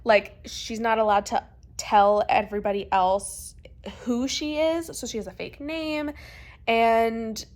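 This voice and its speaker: Young woman, slightly high voice, casual book vlog, animated, exasperated, filler-heavy chatter. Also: takes it slowly. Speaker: book vlogger.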